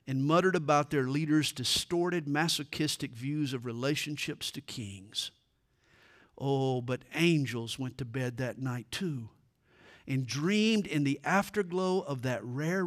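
A male preacher giving a sermon, retelling scripture in a dramatic, emphatic way. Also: mid-range voice.

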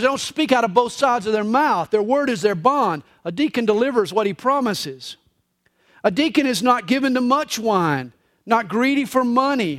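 High, lively-voiced male preacher. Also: no room sound, clean studio sound. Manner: expressive storytelling preacher. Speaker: pastor. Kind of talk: sermon. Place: church service.

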